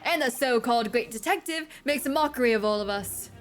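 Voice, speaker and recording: A woman reading the lines of a brusque, scornful middle-aged male police inspector in a game, with a slightly high voice. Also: brisk, faint music behind, natural voice. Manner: scornful, grumbling.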